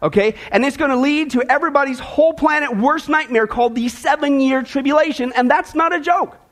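A man preaching a sermon to his congregation, energetic and folksy, with joking asides and a lot of back-and-forth with the crowd. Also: very high voice, brisk. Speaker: pastor. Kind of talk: sermon with a joke opener.

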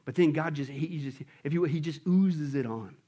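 Male preacher, high-pitched, animated, quizzes his congregation mid-sermon. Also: moderate pace. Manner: animated, asks the congregation rhetorical questions. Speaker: pastor.

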